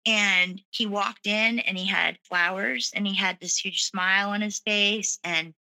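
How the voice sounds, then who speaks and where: As a guest, a woman earnestly and candidly tells her own story, filling it with lots of "you know" and "like." Her voice is medium-pitched and steady in tone, with a measured pace and a sharp edge. The recording is rough.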